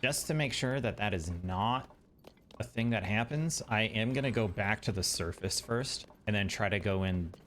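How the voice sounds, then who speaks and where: A man's voice: lowish voice, normal speed, a bit bright, a little hiss or hum. A man streaming a video game, chatting casually and thinking aloud as he plays. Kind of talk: casual gameplay commentary.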